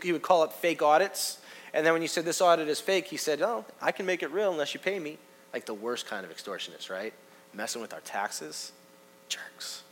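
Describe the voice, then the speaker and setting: A man preaching a sermon in a conversational way, talking straight to the congregation and swinging from loud emphasis to hushed asides. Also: mid-range voice, a little hiss or hum. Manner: conversational, addresses the congregation directly. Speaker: pastor.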